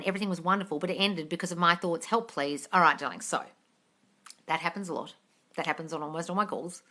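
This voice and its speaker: A woman's voice: deep voice, bright, forceful tone. A woman answering chat questions on a live stream, blunt and sweary, calling her viewers darling. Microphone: phone on a live stream.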